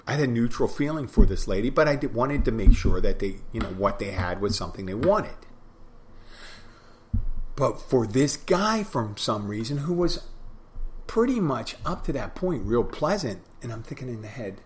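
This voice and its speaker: His medium-pitched voice swings widely in pitch at normal speed, with a little hiss or hum in the recording. The man is a podcast host and bartender telling a rambling, casual bar story, repeating phrases and acting out both sides.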